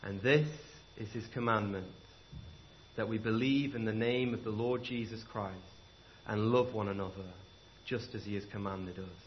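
A man's voice: on the low side, steady tone, moderate pace, highs cut off, slight background noise. A man preaching a sermon, impassioned and repetitive, telling stories to make his point.

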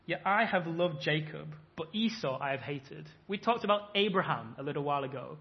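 A man's voice: on the high side, expressive, a little fast, gravelly. A man in his thirties preaching a sermon, emphatic and acting out imagined voices as he makes his points. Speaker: pastor. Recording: dull lo-fi sound.

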